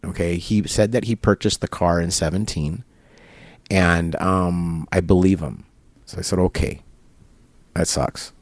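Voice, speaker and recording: Steady in tone and measured in pace, this man's low voice is captured dry. Being interviewed in a barber shop, he unwinds a long casual story, acting out both halves of phone calls with quotes and laughing.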